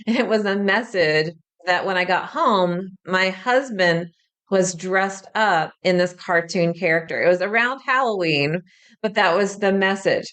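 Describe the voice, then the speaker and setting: Smooth-voiced woman, chatty and frank. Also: mid-range voice. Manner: chatty and frank, drops casual swearing. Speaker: spiritual medium and podcast host. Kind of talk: casual podcast teaching.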